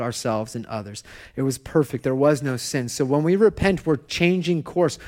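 A man preaching as pastor, telling a family story with laughs and soft, quiet asides, in a church hall. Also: mid-range voice. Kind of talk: sermon.

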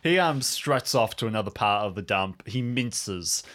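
A man running an improvised tabletop game, describing scenes loosely with plenty of fillers. His pitch rises and falls a lot as he goes. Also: lively intonation, moderate pace, a bit bright. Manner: loose, giggly narration with fillers. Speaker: game master.

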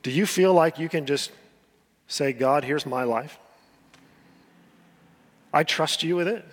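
A man preaching in a church sanctuary, his voice a little high and husky. He talks in earnest, pleading runs, stumbling on repeated words and sinking to a hush. A long hall reverb trails each phrase. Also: slow. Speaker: pastor. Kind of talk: sermon.

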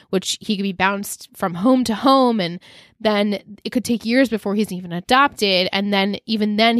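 Woman podcast co-host, animated casual recapper who laughs and swears, dry close sound. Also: mid-range voice, dry recording. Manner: lively storyteller, swears freely, laughs often.

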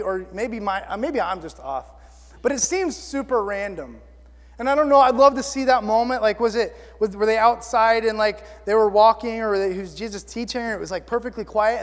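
High-voiced animated man preaching in a hall. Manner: animated, excitable, many fillers like "like". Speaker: pastor. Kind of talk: sermon. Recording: long reverb of a hall.

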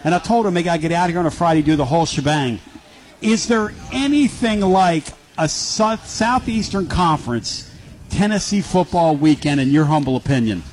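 A man from Philadelphia hosting a sports talk radio show, excitable and quick to hype up his guests. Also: a little high, slight background noise, poor audio.

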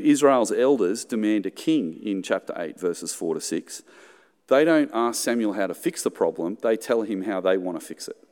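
Australian pastor preaching in a reverberant hall. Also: male voice, on the low side, darkish tone. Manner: conversational, joking asides, acts out quoted voices. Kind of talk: sermon.

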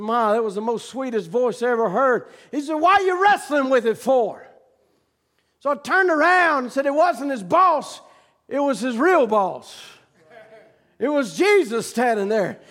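High-pitched shouting preacher man. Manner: storytelling that builds to shouted preaching. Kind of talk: sermon.

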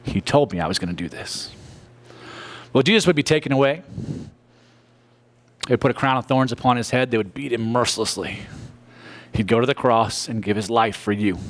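A man preaching a sermon in church, telling the story with animated voices and jokey asides. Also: mid-range voice. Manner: animated storytelling, acting out characters. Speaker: pastor.

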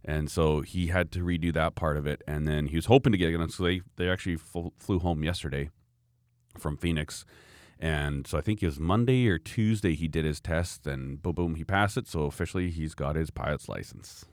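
A man's voice: rumbling low, a little fast, a little mellow, no echo, clean studio sound. A man, a podcast co-host telling long rambling family stories in casual chat, chuckling often.

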